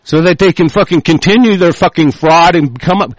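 A somewhat high-voiced man reads out a text in a halting way, full of fillers, then breaks into profane, furious tirades. The recording is dry and close, with no room sound. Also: very animated, no room sound, poor audio. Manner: profane, furious outbursts between halting reading; hesitant, many fillers while reading. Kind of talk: reading aloud with angry rants.

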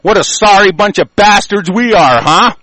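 An older American man giving a profane, angry monologue, reading news aloud and commenting, swinging from low mutters to shouting. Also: normal speed, no echo, rough recording. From United States.

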